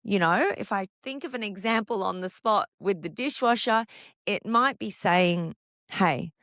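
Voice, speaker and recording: A woman hosting a podcast on couples' relationships, calmly explaining and asking the listener one rhetorical question after another. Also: mid-range voice, normal speed, no echo, clean studio sound. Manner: calm, explanatory, reassuring. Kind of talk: solo podcast monologue.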